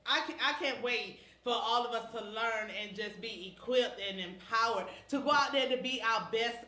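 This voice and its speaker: A woman speaks as a panelist at a church women's event, full of enthusiasm. Her voice is bright and slightly high. The echoey room has faint noise behind her. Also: moderate pace. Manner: enthusiastic, laughing. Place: busy church event venue.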